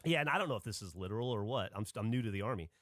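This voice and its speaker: A man's voice: fairly low pitch, lively intonation, rapid-fire, fairly bright tone, dry recording, studio quality. Swearing man telling a long story. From Alabama. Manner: swears freely, rambling and self-correcting. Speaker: podcast host. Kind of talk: casual storytelling.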